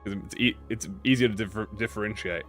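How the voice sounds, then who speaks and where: A man's voice: fairly low pitch, fast, a bit bright, faint music behind. A man casually talking to his chat while playing a game, rambling, self-mocking and swearing freely. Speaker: streamer. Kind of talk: casual live-stream game commentary to chat.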